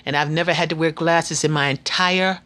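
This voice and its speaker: A woman in her fifties talking straight to her viewers in a casual vlog. Her voice is bright and forceful. She is frank, earnest and full of faith, and she often stops and restarts her sentences. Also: low voice, steady tone, brisk. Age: 50s. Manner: chatty with frequent restarts. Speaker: vlogger.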